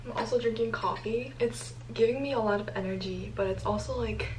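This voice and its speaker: A teenage girl vlogs to her camera in a fairly high voice, talking casually and growing anxious and exclamatory as things go wrong. Her voice comes through a compact camera mic indoors, with a faint hum of noise behind it. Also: fairly quick, poor audio. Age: teens. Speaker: vlogger. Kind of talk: casual vlog talk to camera.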